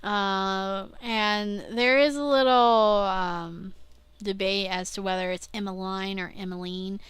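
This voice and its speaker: A woman's voice: mid-range voice, fairly even intonation, measured pace, a bit bright, clear, resonant tone, no echo. A young woman vlogging casually, rambling and interrupting herself, often laughing at her own slips. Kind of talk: casual rambling video diary.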